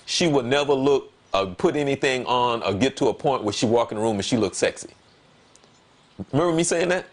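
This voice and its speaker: A man's voice: medium pitch, brisk. Emphatic man telling a story. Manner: animated, voice jumps up when quoting himself. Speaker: talk show guest. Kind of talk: casual conversation.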